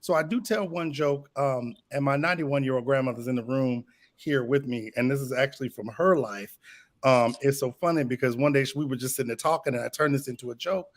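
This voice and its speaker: A man's voice: medium pitch, brisk. A man comedian telling a story-style joke in a rambling way, saying "you know" often. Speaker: comedian guest.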